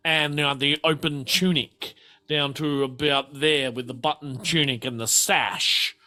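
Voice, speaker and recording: A man running a tabletop game, describing scenes in a meandering way with many fillers and restarts. His voice is bright and slightly high, and his pace is slow and unhurried. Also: steady tone. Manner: rambling, full of fillers. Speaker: game master.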